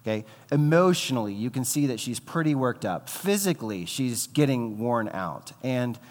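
A man's voice: medium pitch, sing-song, normal speed, darkish tone. Man preaching in a reverberant hall. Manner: conversational, filler-heavy, acts out quoted voices. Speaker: pastor. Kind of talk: sermon.

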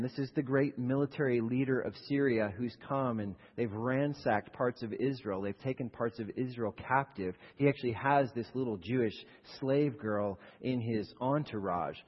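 Husky-voiced male preacher in a reverberant hall. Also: medium pitch, lo-fi sound. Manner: storytelling, acts out the characters. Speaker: pastor. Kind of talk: sermon.

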